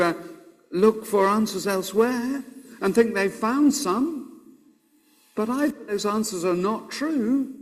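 A middle-aged male preacher with a fairly high voice delivers a sermon. He speaks slowly and earnestly and leaves measured pauses between his phrases. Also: darkish tone.

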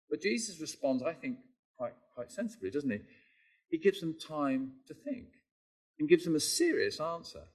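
A man preaching a sermon in a conversational, emphatic way, repeating key phrases and asking tag questions. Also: medium pitch.

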